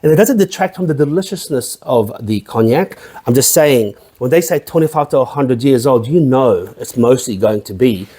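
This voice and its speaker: A man's voice: medium pitch, animated, normal speed, hardly any pauses, mellow, breathy edge. A man hosting a drinks review vlog, talking casually in a profane, irreverent, rambling way. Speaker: host of a drinks review channel.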